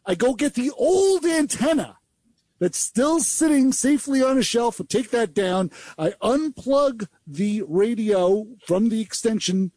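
An older man co-hosting a radio show, telling a repair story in a lively, chatty way with mouth sound effects. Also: extremely high pitch, unhurried, no echo. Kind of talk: casual radio chat.

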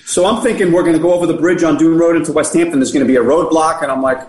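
A man's voice: fairly high pitch, racing, roomy sound, low-quality recording. A middle-aged man telling stories in casual chat, rambling with many fillers and restarts. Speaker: podcast guest. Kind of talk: casual storytelling.

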